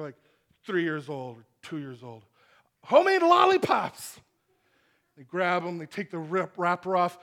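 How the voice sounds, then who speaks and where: A man preaching a sermon to a congregation, animated and acting out the voices in his stories. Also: high voice. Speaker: pastor. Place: church hall with congregation.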